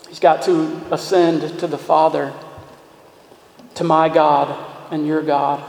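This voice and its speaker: A man preaching a sermon as pastor, talking conversationally, restarting words and moving between brisk runs and slow, emphatic lines, in a church. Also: on the high side, flat delivery, creaky, darkish tone. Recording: echoey reverberant hall.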